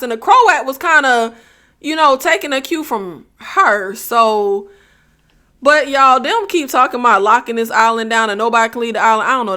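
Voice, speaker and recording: A woman's voice: fairly high pitch, bright, forceful tone. A woman hosting a TV review channel, chatting casually and laughing often, with Southern slang.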